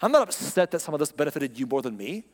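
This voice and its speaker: A man's voice: on the high side, big pitch swings, fast. A man preaching a sermon in a conversational way, often acting out imagined speakers. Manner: conversational, acts out quoted voices. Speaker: pastor. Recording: long hall reverb.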